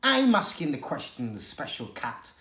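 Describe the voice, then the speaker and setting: A reader putting on a tough female street cat from a children's storybook, gravelly and gruff. She fires off suspicious questions in a raised voice with lively pitch, and the room around her is echoey. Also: normal speed, lightly acted. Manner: gruff, challenging.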